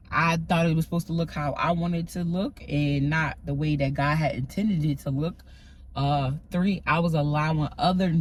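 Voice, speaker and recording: A woman's voice: sits low, darkish tone, a little hiss or hum, rough recording. A woman giving a casual, emphatic faith talk to her viewers, often checking in with "right?" as she goes. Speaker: faith vlogger. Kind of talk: casual spiritual talk to camera.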